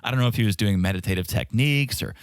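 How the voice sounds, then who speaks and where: A man with a somewhat low voice talks through a reality show recap in a relaxed podcast chat. He animates his retelling by mimicking what people said. The sound is dry and close to the mic. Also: racing, no room sound. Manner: animated, acts out cast members' lines in quotes. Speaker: podcast co-host.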